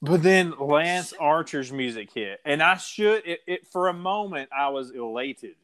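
A man's voice: on the high side, animated, a little slow, a bit bright. An American man hosting a casual podcast, rambling with restarts and laughing often. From USA. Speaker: podcast host. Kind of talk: casual chat.

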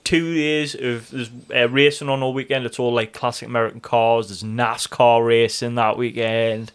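A man's voice: medium pitch, flat delivery, moderate pace, smooth. A man co-hosting a podcast, chatting in rambling, sweary banter and laughing often. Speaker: podcast co-host. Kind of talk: casual chat.

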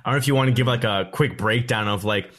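A man talking quickly at an ordinary pitch, asking long questions that trail along with fillers. He hosts the conversation in a loose, casual way. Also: a bit bright. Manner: rambling, hedged questions with many fillers. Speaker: host. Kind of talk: casual interview.

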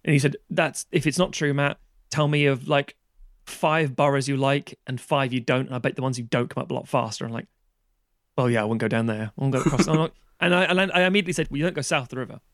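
A man's voice: a little high, fairly even intonation, quick pace, a bit bright, no echo. Sweary man ranting, dry sound. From London, England. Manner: ranting and sweary, acting out quoted people. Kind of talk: casual chat.

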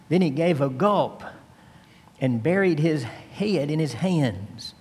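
A man delivers a sermon, retelling a story with slow, emphatic drama. His voice is a little husky. It rings out with a long reverb, as if in a large church hall. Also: on the high side, a little mellow. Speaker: preacher.

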